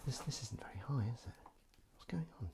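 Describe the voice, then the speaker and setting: A man's voice: medium pitch, expressive, a little fast, creaky, mellow, breathy edge, in a whisper. Rambling, jokey man hosting a stream. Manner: rambling, jokey and self-mocking, with false starts and wordplay. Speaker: livestream host. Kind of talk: casual livestream chat while washing up.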